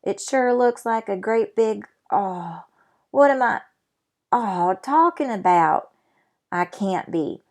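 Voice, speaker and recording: A woman voicing a tiny, bewildered cowboy man who talks in a slow, folksy drawl. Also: mid-range voice, lively intonation, a little mellow.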